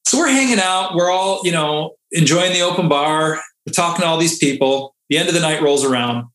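A man who is a Navy diver, a podcast guest telling a story in a casual, animated way and often laughing. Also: on the high side, fairly quick. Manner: animated, laughing, acts out quotes. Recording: echoey room.

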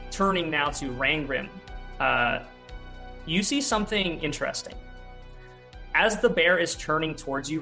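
Bright-voiced man running a tabletop game. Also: fairly high pitch. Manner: rambling, many fillers and restarts. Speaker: game master.

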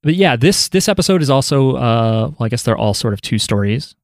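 A man's voice: mid-range voice, lively intonation, brisk, dry recording, studio quality. A man hosting a podcast, loose and joking, swearing casually. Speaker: podcast host.

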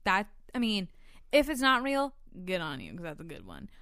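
Smooth-voiced young woman, chatty and rambling. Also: medium pitch, huge pitch swings, moderate pace, fairly bright tone, no room sound, studio quality. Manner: rambling, swears freely, laughs often. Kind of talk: casual chat.

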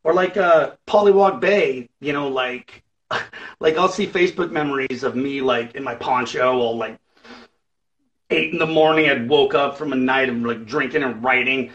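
A man's voice: mid-range voice, normal speed, fairly bright tone, poor audio. A man, a musician guest, chatting casually in an interview and rambling with lots of fillers and acted-out quotes.

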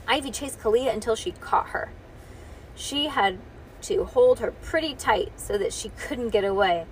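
Female read-aloud narrator, lively with small stumbles, higher voice, faint background hiss. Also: a little slow. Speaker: storyteller. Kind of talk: reading a children's book aloud.

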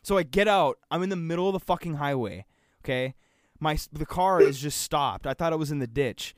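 A young man from Michigan's Upper Peninsula, co-hosting a podcast, telling a story in an animated, swear-heavy way and acting out the lines of the people in it. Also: on the high side, brisk, no echo, clean studio sound. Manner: animated, swears a lot, acts out quotes. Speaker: podcast co-host. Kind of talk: casual storytelling chat.

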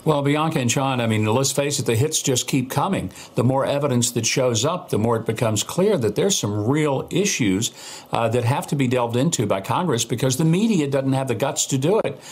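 A man's voice: medium pitch, lively intonation, moderate pace, breathy edge. A man giving emphatic, indignant political commentary as a news guest.

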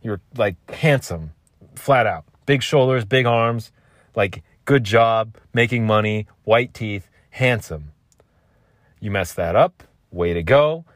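Low-voiced man rambling through a story. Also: expressive, slow pace, no room sound, studio quality. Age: 30s. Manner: rambling, self-mocking, casual swearing. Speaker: podcast host.

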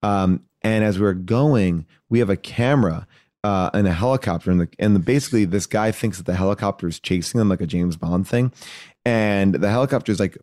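A man telling a story as a podcast guest, animated and rambling, acting out voices as he goes. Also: low-pitched, dry recording, studio quality. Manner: animated, acts out voices in his anecdotes; loose and rambling, many fillers and restarts. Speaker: podcast guest, actor and comedian. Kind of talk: casual storytelling chat.

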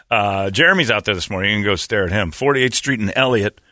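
A man's voice: fairly low pitch, a little fast, bright, forceful tone, no echo, clean studio sound. A man hosting casual morning radio banter, joking, rambling and laughing often. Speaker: radio host.

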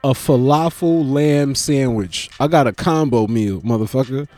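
A man's voice: medium pitch, a little slow, a little mellow, no room sound, soft background music. A young man, a stand-up comedian, rambling sleepily and profanely at night, yawning and mocking himself. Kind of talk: late-night casual monologue.

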